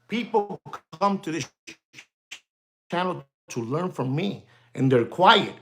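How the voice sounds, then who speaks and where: A man in his sixties, a watch dealer, ranting to viewers of his channel in a rambling, repetitive way, often calling out to "ladies and gentlemen" and dropping in Spanish slang. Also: a little high, slow. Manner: animated, rambling, repeats himself, addresses audience as ladies and gentlemen. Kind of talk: livestream rant to viewers.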